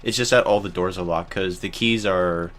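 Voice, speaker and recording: A man's voice: deep voice, moderate pace, fairly bright tone. A man hosting a let's play, explaining game tips in casual commentary, hesitating with many fillers. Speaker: let's play host and player.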